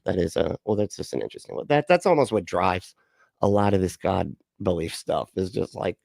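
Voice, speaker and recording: A man's voice: low-pitched, lively intonation, a little fast, gravelly, darkish tone, dry recording. A man hosting a livestream, chatting casually, swearing, laughing and rambling with fillers. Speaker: livestream host.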